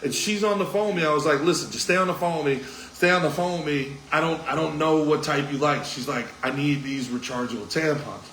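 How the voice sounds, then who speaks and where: A man, a comedian, telling an animated road story and acting out the people in it. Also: on the high side, fairly quick, echoey room, a little hiss or hum, low-quality recording. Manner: animated, acts out other voices in the story.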